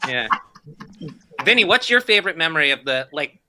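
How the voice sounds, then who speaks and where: A man's voice: on the high side, a little fast. A man co-hosting a podcast, telling funny stories in casual chat and acting them out with laughs. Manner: animated storyteller, acts out shouts and laughs a lot. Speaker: podcast co-host.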